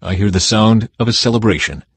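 An older leader pleads and commands in an earnest, husky voice, as a man reads his lines. The sound is dry and close, read rather than acted. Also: fairly low pitch, fairly quick, no room sound. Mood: pleading.

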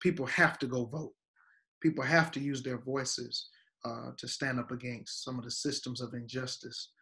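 A man's voice: medium pitch, little pitch movement, moderate pace, bright, forceful tone. A man, a guest pastor, teaching in a preaching style, emphatic and repeating words for weight.

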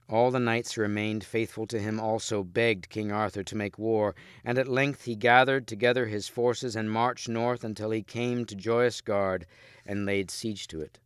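A man reading a story aloud in steady, measured narration, close on the mic. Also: lowish voice, clear, resonant tone, dry recording. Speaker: audiobook reader. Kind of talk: scripted narration.

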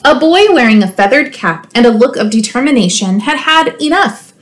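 A woman school librarian reading a children's storybook aloud, expressive and playful, with teasing asides to her listeners. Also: a little high, moderate pace.

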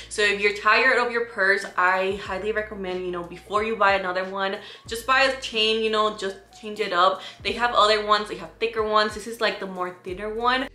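A bright, clear-voiced young woman from Puerto Rico chats her way through a haul, keeping her viewers in the conversation. Her talk is easy and casual. The room around her rings with a noticeable echo. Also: medium pitch. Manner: chatty, keeps addressing viewers as "you guys". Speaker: vlogger. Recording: echoey room.

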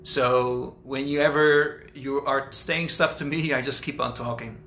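A man hosting a casual live question-and-answer stream about his book, rambling and thinking out loud as he talks. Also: medium pitch, fairly even intonation, unhurried, slight background noise. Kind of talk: casual livestream chat. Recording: roomy echo with faint ambience.

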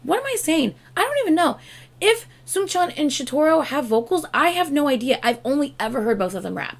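A young woman hosts a reaction video, gushing emotionally and exclaiming often at what she's watching, with a loud music video playing behind her. Her voice sits high with big pitch swings and vocal fry, and she talks a little fast.

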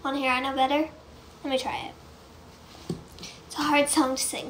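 A woman singer chatting casually between songs on a live stream, quick to apologize and laugh at herself. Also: high-pitched, little pitch movement, a bit bright, a little hiss or hum. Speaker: singer-songwriter. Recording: echoey room.

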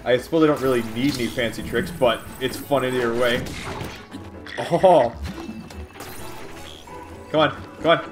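A man hosting a let's-play, giving excitable, casual commentary, swearing at and taunting enemies. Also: medium pitch, unhurried, pauses often, faint music behind. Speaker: gaming channel host.

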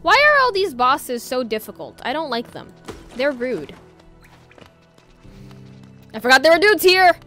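Bright high girl voice streaming a game, chatty, jumpy, shrieks a lot, faint game music behind. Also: big pitch swings, a little slow, long pauses. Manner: chatty, easily startled, bursts into shrieks. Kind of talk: live gameplay commentary.

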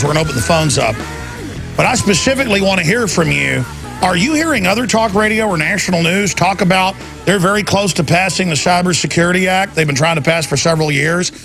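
A man hosts a talk radio show in a heated, impassioned monologue. His voice is gravelly and sits a little high, and he often slips into mocking impressions of opponents. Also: a bit bright.

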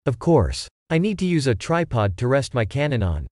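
Brief: a man playing a matter-of-fact, long-winded photographer, lively intonation, dry close sound. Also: mid-range voice, normal speed, dry recording, lightly acted. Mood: earnest. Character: earnest, long-winded male baby photographer.

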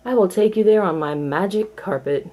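A woman's voice: mid-range voice, normal speed, a little mellow, close to an everyday voice. A woman voicing a swaggering, boastful male alley cat in a storybook read-aloud, with a cocky, playful manner.

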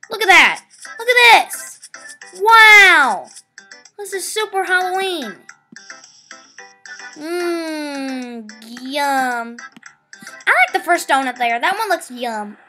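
A female gamer giving excitable let's play commentary, often stumbling over her words. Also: extremely high pitch.

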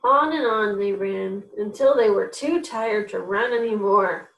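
A woman hosting a children's reading program, reading picture books aloud in a gentle, animated way and giving the characters voices. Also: medium pitch, measured pace, gravelly. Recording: echoey room, a little far from mic.

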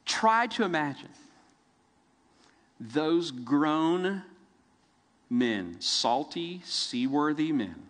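A middle-aged man preaching a sermon, telling the story vividly with dramatic pauses. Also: fairly high pitch, sing-song, a bit bright, long reverb tail. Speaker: pastor. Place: church sanctuary.

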